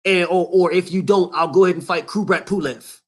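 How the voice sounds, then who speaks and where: A whiny, haughty heavyweight champ boasts about himself and haggles over fight money, as a man puts him on in mockery. The voice sits a little lower than the man's usual high register and stays close to his everyday sound. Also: fairly even intonation, brisk, husky. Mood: mocking, haughty. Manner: mocking, haughty impression.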